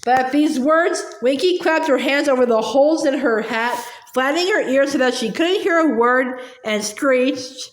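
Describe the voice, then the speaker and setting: A woman narrating a fantasy novel aloud in a steady storytelling manner. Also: high voice, normal speed, reverberant. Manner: steady storytelling, small slips and restarts. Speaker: audiobook reader. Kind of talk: audiobook narration.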